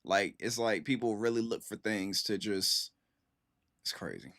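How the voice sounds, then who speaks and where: A man's voice: on the low side, expressive, unhurried, a bit bright. A man hosting a casual reaction stream, talking in a laid-back, repetitive way and often saying "man". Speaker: streamer host.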